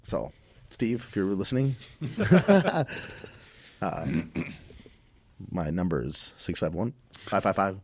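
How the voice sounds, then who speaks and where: A man's voice: deep voice, lively intonation, slow, pauses often. A man from Minnesota, a podcast guest, telling a casual, rambling story full of restarts and fillers.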